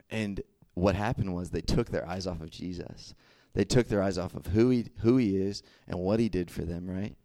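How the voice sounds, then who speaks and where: Young man, deep voice, casual sermon with acted-out dialogue, dry close sound. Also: vocal fry, dry recording. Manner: animated storytelling, acts out dialogue, frequent "right?" and "okay?". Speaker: youth preacher.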